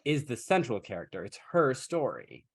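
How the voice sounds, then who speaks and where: A man of middle pitch hosts a podcast in loose, casual chat. His storytelling is wry and sarcastic, and he swears freely. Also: big pitch swings, moderate pace, husky. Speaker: podcast host.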